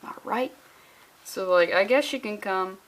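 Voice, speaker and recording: A woman's voice: medium pitch, normal speed. A young woman reviewing a comic book in a casual vlog, sarcastic and profane, rambling as she talks.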